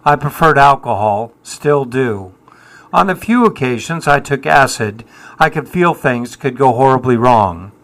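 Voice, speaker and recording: Older man, 70s, musician guest: slow and deliberate, dry, self-mocking, reflective. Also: mid-range voice, expressive, a bit bright. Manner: wry, self-deprecating, dry humour. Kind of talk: reflective interview answers.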